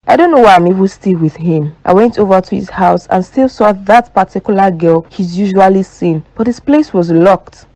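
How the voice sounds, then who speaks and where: A woman's voice: medium pitch, moderate pace, hardly any pauses, dark tone, no room sound, lightly acted, low-quality recording. A woman voicing an upset young girlfriend in a cartoon, sounding plaintive and hurt.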